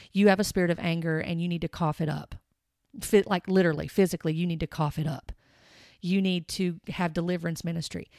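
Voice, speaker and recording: A woman in her thirties giving an earnest, emphatic Bible teaching, slowing down to stress her points. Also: fairly low pitch, no echo, clean studio sound. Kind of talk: podcast-style teaching monologue.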